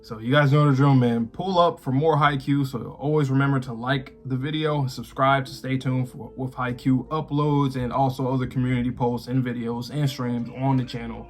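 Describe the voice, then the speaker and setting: A man's voice: mid-range voice, fairly even intonation, normal speed, few pauses, soft background music. A man co-hosting an anime reaction talk, chatting loosely and laughing often. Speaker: co-host of anime reaction channel. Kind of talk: casual chat.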